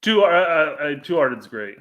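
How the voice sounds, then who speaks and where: A man's voice: on the high side, very animated, moderate pace, fairly bright tone. A man hosting a casual soccer podcast, easygoing and laughing often, with lots of fillers. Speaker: podcast host.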